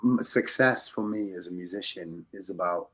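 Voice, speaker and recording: A very deep-voiced English man talks in a casual podcast interview. He rambles and corrects himself mid-sentence, earnest about why he makes music. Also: moderate pace, fairly bright tone. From England. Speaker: guest musician.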